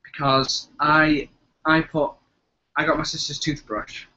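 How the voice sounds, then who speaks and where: A young Englishman chats casually on a live stream, rambling with plenty of hesitations and a loose tongue for swearing. His voice sits a bit high and sounds bright and forward. The audio is dull and lo-fi, like a basic webcam mic. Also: flat delivery, slow. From England. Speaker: co-host of a live chat. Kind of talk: casual chat.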